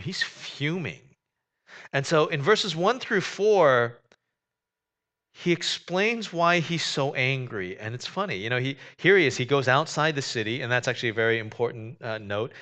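Bright-voiced preacher. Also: male voice, medium pitch, normal speed. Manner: conversational and animated, with joking asides. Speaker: pastor. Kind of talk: sermon.

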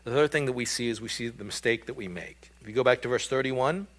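A man's voice: mid-range voice, quick pace, fairly bright tone. A man preaching a sermon in a conversational way, with frequent fillers and rhetorical questions. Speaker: pastor.

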